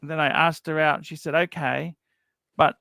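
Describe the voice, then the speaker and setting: A man's voice: on the high side, steady tone, normal speed, creaky, sharp tone, no echo. A man chatting casually on a livestream as co-host, blunt, crude and self-mocking.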